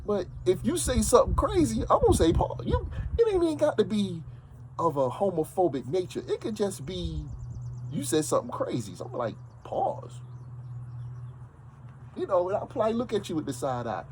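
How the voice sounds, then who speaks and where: A man's voice: high-pitched, very animated, moderate pace, a little mellow, a little hiss or hum, rough recording. A man with a New York accent talking casually and emphatically to his audience, often repeating himself. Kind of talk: casual monologue.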